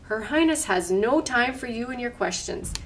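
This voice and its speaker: A woman's voice: a little high, expressive, moderate pace, distant mic, a little hiss or hum, natural voice. A woman playing a curt, bored castle guard. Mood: dismissive. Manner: eye-rolling, curt.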